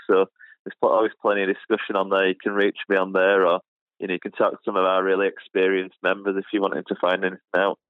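A man's voice: low voice, no echo. A British man chatting as a guest, hesitant and full of fillers and restarts, heard over a phone line. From United Kingdom. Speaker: guest, shooting channel creator. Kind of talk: casual interview chat.

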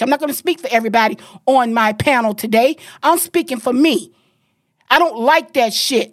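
A woman's voice: on the high side, no room sound, clean studio sound. A middle-aged woman from Florida, hosting a podcast and ranting angrily with heavy profanity. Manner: angry, profane, emphatic ranting. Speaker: podcast host. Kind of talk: heated podcast rant.

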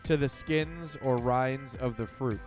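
A man co-hosting a podcast, talking casually and evenly at a middle pitch while he reads off a list of items. Faint music plays behind him. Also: takes it slowly. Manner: relaxed, reads out lists. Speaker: podcast co-host. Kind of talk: casual chat.

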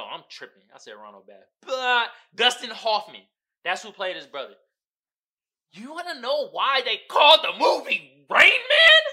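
A man hosting a casual podcast, telling a story in a profane, slangy way. His voice is very bright and sharp, and his pitch swings all over the place. He laughs often and acts out the people in the story. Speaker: podcast host. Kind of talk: casual comedic podcast monologue.

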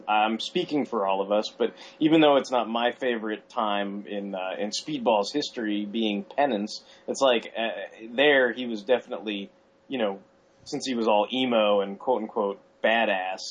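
A man co-hosting a casual podcast chat, animated and acting out his own reactions. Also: lowish voice, husky. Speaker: podcast co-host. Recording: dull lo-fi sound.

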